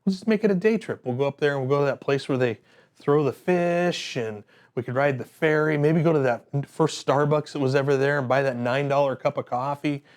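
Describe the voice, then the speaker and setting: Man quoting a breezy, tactless neighbor guy, mid pitch, everyday voice. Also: fairly quick, natural voice. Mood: enthusiastic. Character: chatty adult male neighbor, upbeat and tactless.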